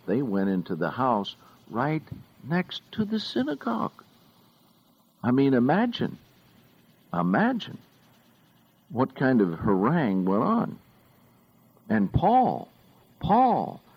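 A male preacher delivering a sermon in a slow, deliberate way, leaning on each word of the scripture he reads. His voice sits at a middling pitch, and the recording sounds dull and lo-fi. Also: husky.

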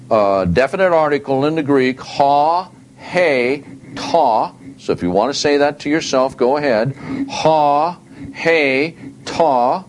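A male Bible teacher who talks slowly and carefully, with a lot of rise and fall in his pitch. He reads verses aloud and repeats key words to drive home each point. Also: a little hiss or hum. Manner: deliberate, stresses words and repeats them for emphasis.

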